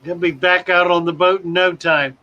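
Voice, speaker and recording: A man's voice: high-pitched, fairly even intonation, moderate pace, sharp tone, muffled recording. A man hosting a casual livestream, greeting viewers by name and rambling with self-deprecating jokes. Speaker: livestream host. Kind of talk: casual chat reading viewer comments.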